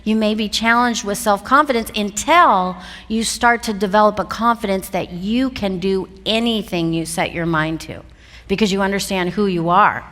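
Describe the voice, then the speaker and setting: A woman speaker telling an animated story to a live seminar audience, laughing through it. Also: mid-range voice, normal speed. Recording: long hall reverb.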